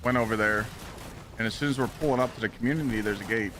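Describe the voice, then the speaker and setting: A man streaming a game who tells a long anecdote in a casual, profane, animated way and acts out the lines of the people in it. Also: on the low side, quick pace, background noise. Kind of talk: casual storytelling while gaming.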